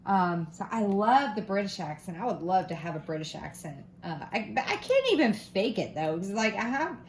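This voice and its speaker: With big swings in her mid-range voice and a normal speaking speed, a crafting vlogger in her thirties or forties rambles casually as she makes things. A slight Southern Florida twang colors her self-deprecating, filler-heavy talk, and there's slight background noise.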